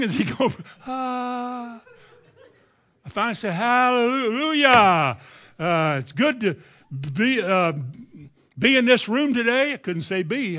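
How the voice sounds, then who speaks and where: A preacher tells a story from the pulpit, with a voice a little higher than most men's. He stammers on some words and starts lines over as he goes. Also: fairly bright tone. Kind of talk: sermon with personal testimony.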